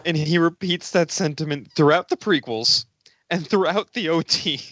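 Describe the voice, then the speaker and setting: A man co-hosting a podcast, telling stories lively and profanely in casual chat. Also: on the high side, normal speed, no echo. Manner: lively storytelling with quoted voices. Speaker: podcast co-host. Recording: dry, dull lo-fi podcast audio.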